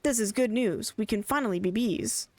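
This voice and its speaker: A woman's voice: on the high side, normal speed, darkish tone, dry recording. Chatty woman streamer, dry close sound. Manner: chatty, rambling, laughs often. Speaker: game streamer. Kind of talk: casual live gameplay commentary.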